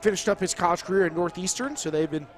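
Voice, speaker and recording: A man's voice: sits high, fast talker. A man giving sports color commentary, breaking plays down step by step in a wordy way with frequent restarts.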